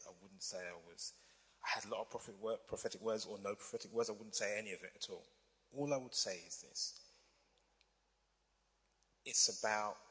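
A man's voice: on the low side, pushed and bright. A man preaching a sermon, teaching step by step and checking in with the audience with "okay" and "right". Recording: long hall reverb.

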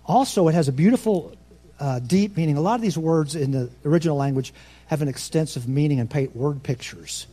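A pastor preaching a sermon, nervous and fast-talking, with folksy asides that swing between soft remarks and loud, ringing proclamation. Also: male voice, fairly high pitch. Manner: folksy, self-deprecating asides.

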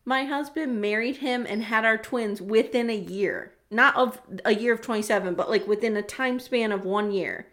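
A woman's voice: on the high side, moderate pace, hardly any pauses, a bit bright. A woman co-hosting a podcast, chatty and frank, laughing often between remarks. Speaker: podcast co-host. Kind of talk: casual recap chat.

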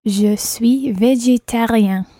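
A woman as a learner in a spoken language lesson, calmly and carefully repeating phrases. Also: a little high, slow, no room sound, studio quality. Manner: calm, careful repetition. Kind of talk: repeating phrases after a teacher.

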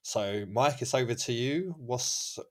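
A man's voice: medium pitch, expressive, takes it slowly. A man hosting a football podcast, chatting casually with many fillers and frequent laughs. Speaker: podcast host.

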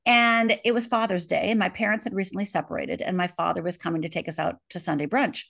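A woman's voice: on the low side, fairly even intonation, fast, gravelly, fairly bright tone. Earnest middle-aged woman telling her story. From Upper Michigan, USA. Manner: earnest, vivid retelling with acted-out quotes. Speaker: author and guest. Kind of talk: interview, personal storytelling.

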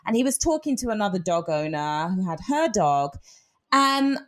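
An American woman in casual conversation, telling stories with animated swings in her voice. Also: normal speed. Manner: animated storytelling, lively pitch swings. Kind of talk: casual chat.

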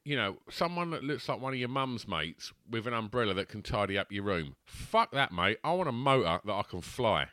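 A man's voice: lowish voice, big pitch swings, a little fast, hardly any pauses, pushed and bright, dry recording, clean studio sound. A man, co-hosting a podcast and rambling enthusiastically about films, swearing freely. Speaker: podcast co-host. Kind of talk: casual banter about films.

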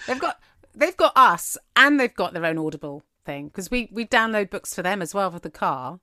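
A woman's voice: medium pitch, expressive, moderate pace, pushed and bright, no room sound, clean studio sound. Woman in her 30s co-hosting a chat podcast, laughs a lot, does little voices for quotes. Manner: chatty, laughs often, acts out quotes. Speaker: podcast co-host. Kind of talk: casual chat.

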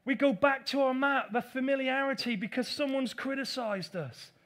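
A man delivers a sermon with a notably high-pitched voice. He preaches with animation, often dropping into playful voices to mimic his critics. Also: moderate pace, fairly bright tone. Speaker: pastor.

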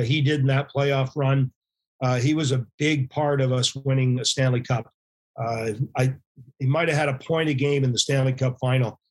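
A middle-aged man, a former hockey goalie, telling animated anecdotes as a podcast guest and acting out quoted voices. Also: medium pitch. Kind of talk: casual storytelling interview.

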